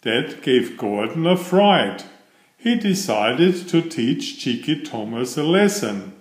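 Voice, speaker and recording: A man narrating a children's picture book read-aloud in an unhurried storytelling manner. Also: medium pitch, big pitch swings. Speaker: storybook reader. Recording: echoey room.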